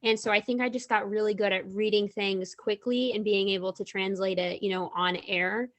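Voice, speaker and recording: A young adult woman talking as a guest author in a casual interview, chatty and animated, often laughing. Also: medium pitch, normal speed.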